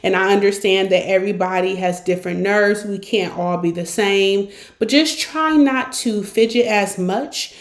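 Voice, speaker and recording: Female host-coach, direct and encouraging, mid pitch, roomy reverb. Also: normal speed. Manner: direct, encouraging, acts out examples. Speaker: podcast host and consultant. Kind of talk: coaching monologue. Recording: roomy echo.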